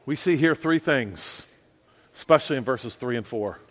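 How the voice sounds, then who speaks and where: A man preaching a sermon with passion, swinging from loud outbursts to hushed asides. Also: mid-range voice, animated, normal speed. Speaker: pastor. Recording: long reverb of a church hall.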